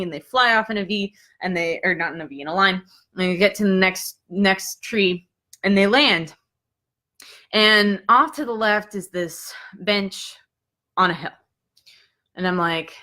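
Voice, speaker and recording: Young adult woman, bright and forceful tone, casual storyteller who jumps high and drops to whispers when quoting herself. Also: moderate pace. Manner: animated storyteller, acts out her own past lines with pitch jumps and drops to a whisper. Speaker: psychic Q&A host.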